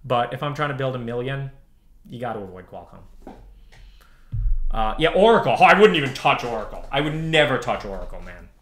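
A man's voice: mid-range voice, animated, brisk, bright, forceful tone, slight background noise. A man in his thirties ranting on a livestream, heated and profane, repeating himself as he answers chat. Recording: roomy echo.

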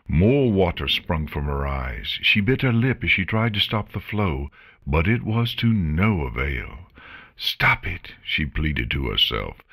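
Deep-voiced male audiobook narrator. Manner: expressive, dramatic storytelling.

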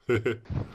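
A man's voice: bright, forceful tone, slight background noise. A man performing a comic game-character skit, with exaggerated groans, pirate growls and laughing.

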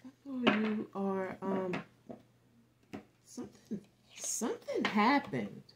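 Low-voiced woman giving a rambling tarot forecast. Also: unhurried, noisy background. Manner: rambling, animated, swears freely, acts out quoted reactions. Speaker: tarot reader.

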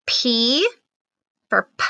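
Lady teacher doing a kids phonics lesson, super slow and patient, bright voice. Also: fairly high pitch, very animated, gravelly, dry recording. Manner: slow, patient, sounding out letters. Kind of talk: remote phonics lesson for children.

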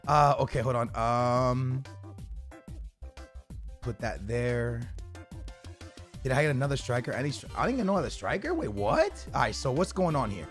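Young man, gameplay commentary, excitable, slangy, lively pitch, faint background music. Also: moderate pace. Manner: excitable, shouts and laughs at big moments, slangy. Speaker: gaming YouTuber.

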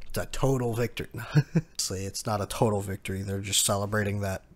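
A man's voice: fairly low pitch, fairly quick. A man hosting a casual manga chapter recap, talking in a hesitant way with many fillers while he reads out quotes. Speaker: manga chapter reaction host.

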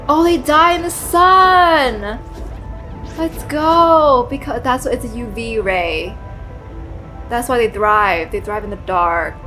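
Young woman gamer reacting all emotional, cussing at the game, high voice, slow, game music faint behind. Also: fairly bright tone, rough recording. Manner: emotional, swearing, talking to the game characters. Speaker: gaming YouTuber. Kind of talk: let's play commentary.

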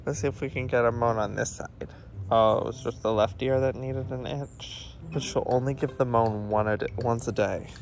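A man's voice: medium pitch, fairly even intonation, normal speed. A man hosting a casual home vlog, chatting playfully and cooing baby talk at his dogs by the pool. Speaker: vlogger host. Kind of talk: casual vlog chat with pets. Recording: noisy background with dog sounds. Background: dogs and puppies.

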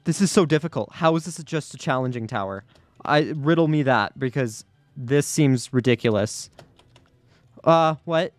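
A man's voice: medium pitch, lively intonation, normal speed, dry recording, faint music behind. A man giving live commentary over his own gameplay, anxious and repeating himself under pressure. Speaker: gaming YouTuber.

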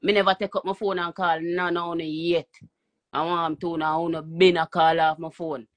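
A man's voice: fairly high pitch, little pitch movement, brisk, a bit bright. A man with a Jamaican accent, cursing and emphatic as he rants on a phone live stream. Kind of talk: heated live-stream rant.

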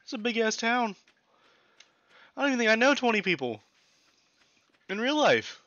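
A young man gives excitable, casual let's-play commentary with a lively, swinging pitch and a bright, forceful voice. He swears freely, and a lo-fi mic dulls the sound. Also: normal speed, no room sound. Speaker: gaming streamer. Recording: lo-fi old mic.

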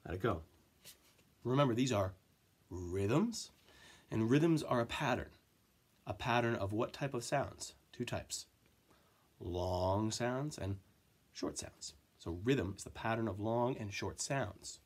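A man teaching a music lesson to children, counting in and chanting rhythm syllables with gentle encouragement. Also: on the low side, lively intonation, takes it slowly, long pauses, husky.

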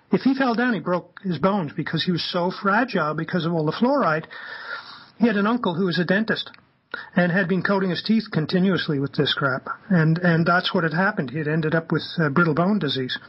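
A man, a radio guest, telling anecdotes in an animated way and acting out the quoted dialogue. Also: high-pitched, husky, dull audio. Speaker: guest, campaigner. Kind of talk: anecdotal storytelling on a radio talk show.

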